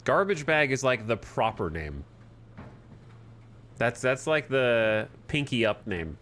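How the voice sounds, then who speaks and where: A man from the United States giving casual, animated commentary as he streams a game and argues with his chat. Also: medium pitch, slow pace, slight background noise. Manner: animated, argumentative, thinks aloud.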